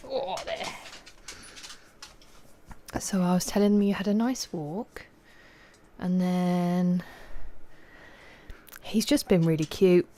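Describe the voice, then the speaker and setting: A woman's voice: lowish voice, steady tone, takes it slowly, long pauses, mellow, slight background noise. A woman in her thirties streaming and chatting casually, easygoing and talkative with her dog and her viewers.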